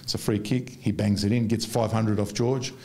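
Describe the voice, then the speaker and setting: Man, fifties, gravelly voice, rambling casual storytelling, frequent restarts. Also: on the low side, steady tone, moderate pace, dark tone. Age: 50s.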